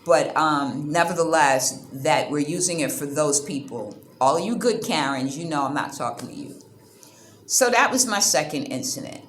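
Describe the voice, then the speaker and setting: A woman from the United States telling a story to camera as a vlogger, animated and indignant, acting out the back-and-forth of an argument. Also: deep voice, moderate pace, slight background noise. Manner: animated, indignant retelling with quoted exchanges. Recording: roomy sound with faint ambience.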